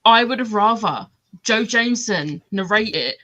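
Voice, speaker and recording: A woman's voice: on the high side, animated, normal speed, pushed and bright. A woman with a light London accent, chatting casually with friends about books and laughing easily. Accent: mild London. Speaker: book club guest. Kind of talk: casual chat.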